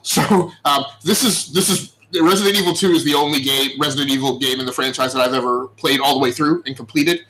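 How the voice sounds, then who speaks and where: A man co-hosting a gaming podcast in casual chat, excited and full of stammering restarts. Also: mid-range voice, brisk, few pauses, poor audio. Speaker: podcast co-host.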